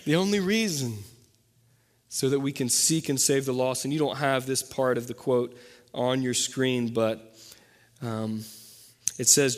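A young man preaching a sermon as pastor, talking in a loose, conversational way with fillers and quick self-corrections. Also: mid-range voice. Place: church sanctuary. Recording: long reverb from a hall.

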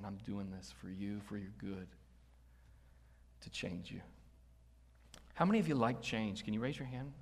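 A man preaching a sermon as pastor, talking conversationally and asking the congregation questions. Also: medium pitch. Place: church hall. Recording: long church hall reverb.

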